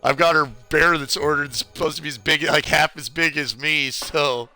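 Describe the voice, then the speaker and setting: Faint music plays behind a Californian streamer as he goes through a game walkthrough live, chatting, rambling and greeting his viewers. He speaks at normal speed in a fairly high, steady voice that sounds pushed and bright.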